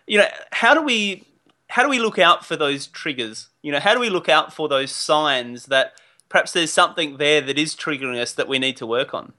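A man hosting an interview, enthusiastic and quick to laugh, rephrasing his guest's points and asking questions. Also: a little high, bright, forceful tone. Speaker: podcast host. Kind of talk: conversational interview.

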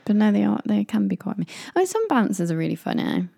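A young woman from England co-hosts a podcast, chatting casually and telling stories in which she acts out people's quotes in raised voices. Her mid-range voice moves through big pitch swings at a fast pace, with vocal fry and a dark tone. The recording is dry and studio-clean.

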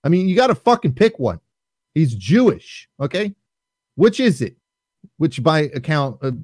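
A man's voice: fairly high pitch, a little mellow, no echo. A man hosting a casual talk show, ranting heatedly and sarcastically with plenty of swearing.

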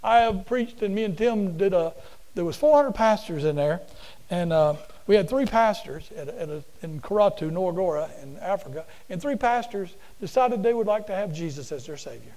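A man preaching a sermon to a class in a folksy, animated storytelling way, often repeating himself. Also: high voice, normal speed, rough recording. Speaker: preacher and teacher.

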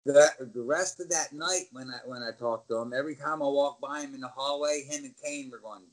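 A man's voice: mid-range voice, brisk, rough recording. A middle-aged man, a former wrestler, telling backstage stories in casual chat and acting out the voices of the people in them. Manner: animated storyteller, acts out voices and yells. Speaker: interview guest, former wrestler. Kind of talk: casual storytelling.

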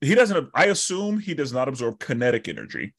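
A man hosting a podcast, chatting casually and acting out his own reactions with animated energy. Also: mid-range voice, a little fast, husky. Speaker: podcast host. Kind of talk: casual chat.

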